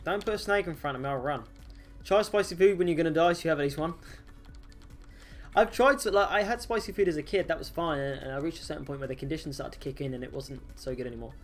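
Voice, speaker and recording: A man's voice: on the high side, fast talker, faint music behind. Jokey laughing male game streamer. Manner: jokey, laughs often, silly banter. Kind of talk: casual live-stream chat while gaming.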